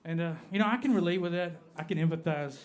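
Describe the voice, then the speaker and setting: This stand-up comic is a man from Appalachia, United States, with an Appalachian American accent. Working a comedy club crowd, he keeps a deadpan tone and eases off the pace at each punchline, his voice pitched a bit high for a man.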